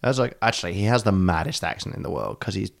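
A man's voice: fairly low pitch, quick pace, gravelly. A man co-hosting a casual podcast chat, rambling and laughing as he talks. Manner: rambling, laughing, puts on silly accents. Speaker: podcast co-host.

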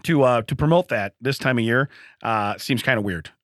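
A man's voice: mid-range voice, moderate pace, no room sound, clean studio sound. A man co-hosting a morning radio show, bantering casually and laughing often as he tells stories. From Illinois. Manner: laughs often, animated storytelling.

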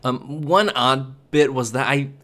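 Man, casual movie recap, rambling and chatty, mid-pitched voice. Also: a little slow, sharp tone. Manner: chatty, rambling, lots of fillers and restarts. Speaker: movie reviewer. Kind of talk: casual spoken review.

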